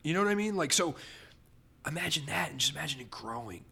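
A man hosting a podcast in casual chat, talking in animated, rambling, emphatic runs. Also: on the high side, quick pace, gravelly, husky. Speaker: podcast host.

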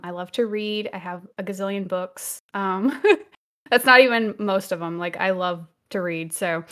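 A young woman with a Louisiana accent talks casually over a video call. She laughs a lot and gets lively when she cares about something. Her voice sits at a middle pitch for a woman. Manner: laughs often, animated when passionate. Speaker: streamer and guest. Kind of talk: casual chat. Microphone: desk mic with earbuds, video call.

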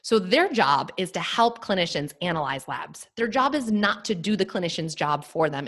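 Candid, animated woman podcaster. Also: on the low side. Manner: candid, animated, uses many fillers. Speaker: podcast host and nutrition practitioner. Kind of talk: solo podcast monologue.

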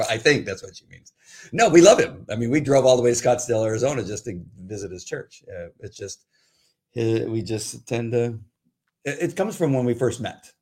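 A man's voice: mid-range voice, moderate pace, darkish tone. A man co-hosting a Christian devotional show, chatting casually with his wife and often restarting his sentences. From Southern California.

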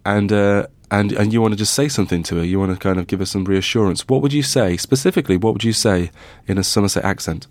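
A man's voice: lowish voice, fast, few pauses, darkish tone, no echo. A man from Derbyshire co-hosting a podcast in casual, wry chat, rambling with fillers. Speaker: podcast co-host.

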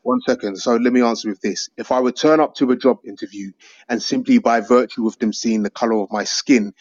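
A British man argues at a rapid clip, emphatic and swearing, with a fairly high voice. His line sounds slightly dull and lo-fi. It is dry, with no room echo. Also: fairly even intonation, a little mellow. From United Kingdom. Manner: fast, emphatic, swears, calls people mate and bro. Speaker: guest on a call-in panel. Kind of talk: heated debate.

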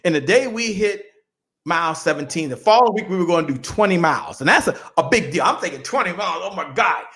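A man's voice: a little high, animated, fast, fairly bright tone, slight background noise. A man giving a fired-up motivational talk on a podcast, preaching with chants and call-and-response. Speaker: guest speaker. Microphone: remote call.

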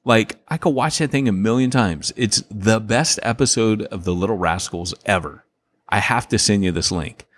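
A man co-hosting a casual podcast speaks at a fairly low pitch and moderate pace. He's an animated storyteller who rambles through his points, acts out quotes, laughs often, and fills his talk with restarts and fillers.

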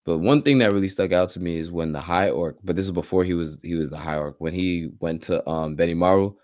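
A man's voice: deep voice, fast talker, darkish tone, no room sound, studio quality. A young man co-hosting a casual podcast, slangy and asking his friends what they thought. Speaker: podcast co-host. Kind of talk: casual chat about an anime.

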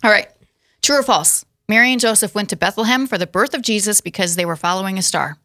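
Bright-voiced giggly woman host. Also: medium pitch, fast talker, no echo, studio quality. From South Dakota. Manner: giggly, upbeat, talks through laughs. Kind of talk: casual studio chat, quizmaster. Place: studio.

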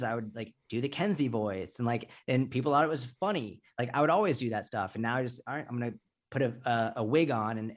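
Candid, swearing man. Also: mid-range voice. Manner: candid, swears freely, rambling. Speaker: fitness content creator, guest. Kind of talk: casual interview talk.

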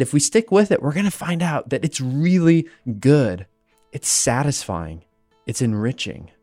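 With a medium-pitched voice and no echo on the recording, an American podcast host teaches about the Bible conversationally. Along the way he shares a personal story, animated and marked by small restarts.

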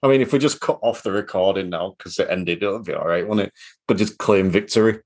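A man's voice: low-pitched, brisk, darkish tone. Jokey, swearing man hosting. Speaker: podcast host. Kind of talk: casual chat.

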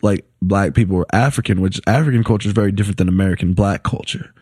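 Comedian guy from congo on a podcast, lowish voice, chill and swearing, dry mic. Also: quick pace, a little mellow, slightly rough, no echo. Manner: easygoing, profane, agreeable. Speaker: comedian guest. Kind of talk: casual podcast chat.

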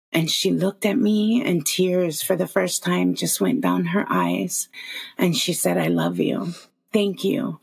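A woman in her forties with a lowish, gravelly voice that turns husky at the edges. She recounts a personal story as a podcast guest, earnest and emotional, often stopping to restart a sentence. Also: expressive, measured pace. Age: 40s.

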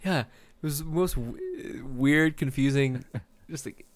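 A man's voice: medium pitch, a little slow, no echo. A man co-hosting a gaming podcast in casual chat, laughing often and rambling loosely. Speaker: podcast co-host.

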